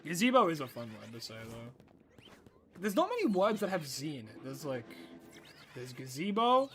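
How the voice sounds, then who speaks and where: A young male streamer chats casually with his viewers while he plays. His voice sits a little high and moves a lot, animated and quick to laugh. Soft game music plays faintly behind him. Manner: animated storyteller, laughs often, talks to chat. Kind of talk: casual live-stream chat while gaming.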